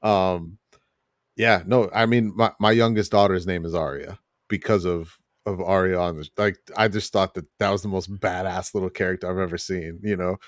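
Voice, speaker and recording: A man's voice: deep voice, fairly even intonation, normal speed, no echo, clean studio sound. A middle-aged man co-hosting a podcast in casual chat, enthusiastic and rambling, laughing often. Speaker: podcast co-host.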